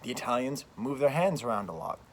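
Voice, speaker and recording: Out in the open, a channel-hosting French professor from the US airs his opinions in an emphatic, animated rant that loops back on repeated phrases. He speaks fairly quickly in a mid-range voice.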